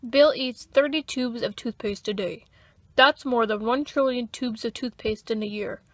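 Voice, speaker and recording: A woman's voice: a little high, normal speed. Girl narrating a mock documentary. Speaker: narrator, channel creator. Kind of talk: narrating a toy pet skit. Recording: music playing underneath.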